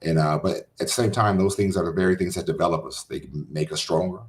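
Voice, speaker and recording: A man hosting as a pastor in a casual interview, sincere and halting with many restarts. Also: sits low. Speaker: pastor and podcast host.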